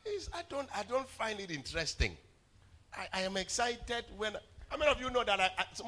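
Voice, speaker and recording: A male pastor delivers a sermon in storytelling fashion. His bright, forceful voice swings widely in pitch, climbing into loud shouts at the peaks. He often stammers and repeats words. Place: church hall.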